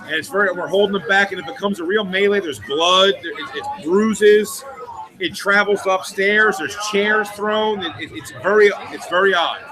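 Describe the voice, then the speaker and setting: A man with a high, light voice tells a long story in a sit-down interview. He swears freely and often restarts his sentences. A crowd murmurs steadily behind him. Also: normal speed, poor audio. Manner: profane, rambling, with restarts. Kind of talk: anecdotal storytelling in a documentary interview.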